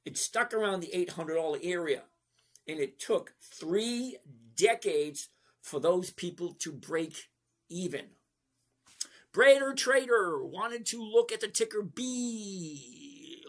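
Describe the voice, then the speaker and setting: Man in his 60s, husky voice, raised pitch, live Q&A host, talks straight to viewers. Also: animated, measured pace. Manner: chatty, repetitive, addresses viewers by name. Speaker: stock trading livestream host. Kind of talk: live Q&A chat answering viewers.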